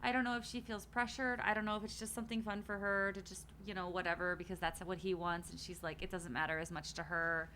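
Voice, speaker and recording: A woman's voice: lowish voice, steady tone, quick pace, few pauses, sharp tone, slight background noise. A young woman hosting a watch party stream, chatting casually and animatedly, swearing and acting out quotes. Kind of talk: casual chat.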